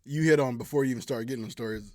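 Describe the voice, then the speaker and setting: A man's voice: medium pitch, rapid-fire, mellow, no room sound. A man co-hosting a podcast, easygoing in a casual chat, with brief reactions and comments. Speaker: podcast co-host. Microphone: podcast microphone.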